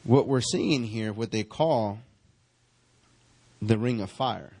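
A man, a pastor praying and preaching to his church with fervent, drawn-out calls. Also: fairly low pitch, darkish tone. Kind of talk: sermon and prayer. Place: church sanctuary.

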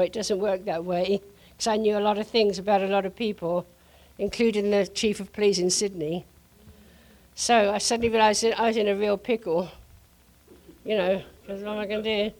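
An older woman preaching to a congregation, telling a lively testimony story with frequent laughter. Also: medium pitch, moderate pace. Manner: animated storyteller, laughing often.

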